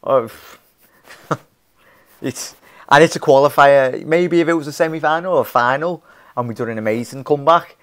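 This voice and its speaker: On a casual live stream, this young fan channel host reads out viewer comments, wandering off topic with frequent laughs and restarts while addressing people as fella and mate. He talks at a normal speed with frequent pauses, in a voice on the high side that is fairly bright and clean.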